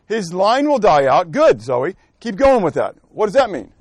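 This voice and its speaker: A man's voice: high-pitched, very animated, normal speed, no room sound, clean studio sound. A man teaching a Bible study, quizzing his class and calling on people by name while he thinks aloud and corrects himself. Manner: asks the class questions and calls on people by name. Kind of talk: interactive scripture lesson.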